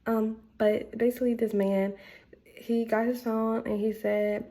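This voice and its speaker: A young woman with a gravelly, creaky voice and a dark, mellow tone vents to her camera. She talks in a blunt, exasperated way, tossing in filler words as she rants. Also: a little high, little pitch movement, measured pace. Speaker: vlogger. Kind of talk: casual rant to camera.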